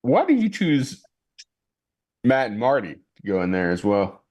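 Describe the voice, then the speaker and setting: A man's voice: mid-range voice, wildly swooping pitch, unhurried, darkish tone. A man co-hosting a casual stream chat, teasing the others and steering the talk.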